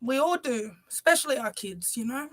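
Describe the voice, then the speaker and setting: Earnest woman with a higher voice. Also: expressive, normal speed, a bit bright, dry recording. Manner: earnest, leans on "you know" constantly. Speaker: musician presenting her music video premiere. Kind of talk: heartfelt livestream talk.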